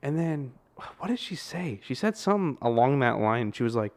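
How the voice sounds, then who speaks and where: A man's voice: medium pitch, very animated, moderate pace. Casual young man telling rambling stories. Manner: rambling storyteller, laughs often, curses. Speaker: podcast co-host. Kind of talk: casual chat.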